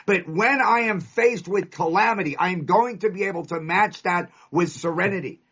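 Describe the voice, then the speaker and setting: A man's voice: sits high, moderate pace, few pauses, fairly bright tone, husky. Emphatic man sharing his recovery story. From California. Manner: storytelling, emphatic, punchy lists. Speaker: speaker at a recovery meeting. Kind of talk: recovery share to a live audience. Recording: dull lo-fi recording.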